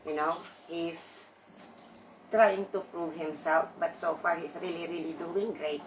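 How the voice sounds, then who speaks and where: A sleepy woman vlogger chatting casually to her viewers in a low voice, taking her time over every word. She rambles and restarts, breaks into laughs, and coughs now and then as she keeps her volume down. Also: steady tone, noisy background. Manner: keeping her voice deliberately low. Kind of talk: casual chat to viewers while smoking.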